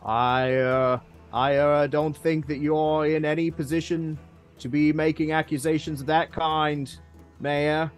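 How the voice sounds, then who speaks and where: A man voicing a cold, sneering older villain who drawls slowly and smugly, with hesitant pauses. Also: a little high, flat delivery, clear, resonant tone, faint music behind, lightly acted. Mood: menacing. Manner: smug, slow, drawling, hesitant.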